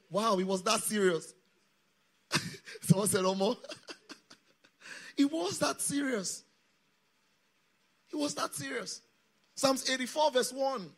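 Bright, emphatic preacher man. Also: very high-pitched, animated, unhurried, pauses often. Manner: emphatic, leads congregation in reading aloud. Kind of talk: sermon. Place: church or camp meeting hall.

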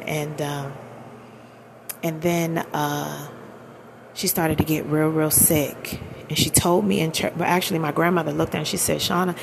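A woman's voice: low voice, creaky, a little hiss or hum. A woman in her thirties telling a personal story in a candid, emphatic, colloquial way. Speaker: vlogger.

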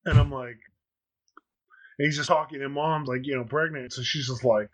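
A man's voice: medium pitch, fairly even intonation, moderate pace. A man in his thirties hosting a podcast, telling a rambling story in casual chat with plenty of fillers. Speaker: podcast host.

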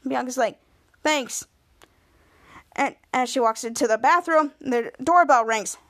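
Female podcast host, high voice, casual rambling episode recap. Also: normal speed, fairly bright tone. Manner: rambling, lots of "and then" restarts.

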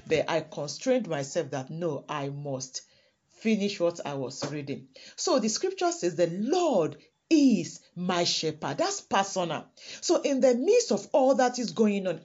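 Woman preacher from Africa, husky, lively delivery, emphatic build-ups. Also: mid-range voice, dull audio. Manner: impassioned, builds in volume with slow emphatic phrases. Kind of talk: sermon.

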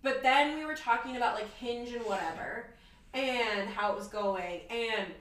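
A woman's voice: fairly high pitch, moderate pace, a bit bright, reverberant, distant mic, low-quality recording. A young woman co-hosting a podcast, telling a date story in casual chat and acting out both sides of the conversation. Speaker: podcast co-host.

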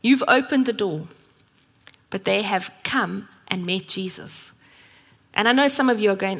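A woman's voice: mid-range voice, unhurried, creaky, long pauses, fairly bright tone. A South African woman preaching a sermon in a church, telling stories earnestly and acting out the voices she quotes. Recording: echoey church hall.

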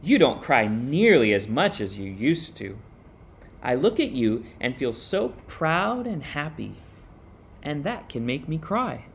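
A man voicing a loving mother rabbit from a children's storybook, soft-spoken and patient. Her gentle lines rise and fall warmly with an unhurried pace. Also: medium pitch, big pitch swings, gravelly, noisy background. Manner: gentle, soothing.

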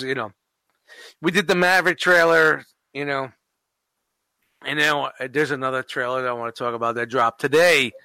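Male podcast co-host, bright and dry, rambling and profane. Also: fairly high pitch, dry recording. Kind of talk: casual podcast chat.

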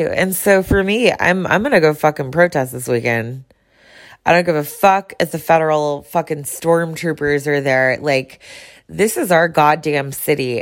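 Low-voiced woman vlogging solo, blunt, says it straight, lots of swearing. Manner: blunt, outspoken, swears freely. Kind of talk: casual personal monologue to camera.

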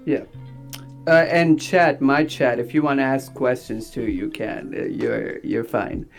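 A man who is an actor and director, talking in a rambling, animated way with many fillers. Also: medium pitch, unhurried, soft background music. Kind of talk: casual interview talk.

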